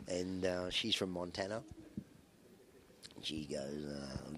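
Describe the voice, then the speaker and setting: A man's voice: low voice, moderate pace, a bit bright. A man, a rock musician being interviewed and telling rambling anecdotes full of fillers and restarts. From Australia. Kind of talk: casual interview storytelling.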